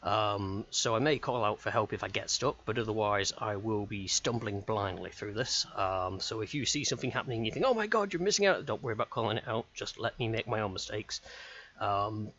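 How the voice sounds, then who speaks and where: A man's voice: lowish voice, fairly even intonation, brisk, bright, forceful tone, muffled recording. A man chatting live as a game streamer, rambling and self-deprecating. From United Kingdom. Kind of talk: live gaming stream chat.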